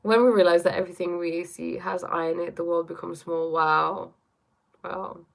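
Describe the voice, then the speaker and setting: A woman hosts a relaxed live stream from her bedroom, talking in a somewhat low voice. She muses reflectively as she reads chat, often checking in with "right?" and "you know?". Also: moderate pace, gravelly. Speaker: livestream host reading chat.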